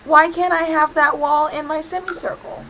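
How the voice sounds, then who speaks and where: A woman's voice: high voice, steady tone, moderate pace, sharp tone, a little hiss or hum, rough recording. A woman chatting casually over her gameplay, playfully scolding the game with mock-dramatic outbursts. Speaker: gaming streamer.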